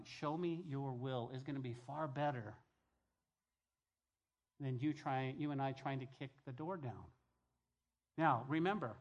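A male pastor from New Mexico preaching a sermon to his church, acting out voices and swinging between loud calls and quiet asides. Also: a little high. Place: church sanctuary.

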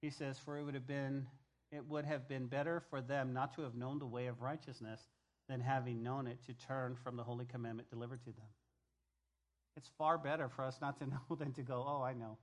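A male pastor preaching a sermon, emphatic, repeating key phrases and swinging between loud and hushed delivery. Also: mid-range voice, fairly even intonation, fairly quick.

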